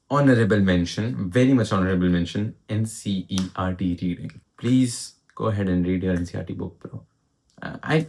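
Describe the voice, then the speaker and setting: A young man with an Indian accent giving casual study advice in a vlog. He talks urgently and keeps pressing the point, slipping Hindi into his English. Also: on the low side. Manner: urgent, exhorting, mixes Hindi into English, says "bro". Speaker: student advice vlogger.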